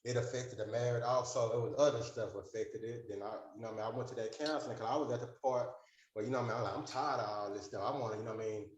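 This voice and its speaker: His mid-range, steady voice races along very fast, recorded in a roomy space that sounds muffled with a little hiss or hum. As a support group member, he rambles through a long personal story, filler-heavy, acting out the conversations he retells.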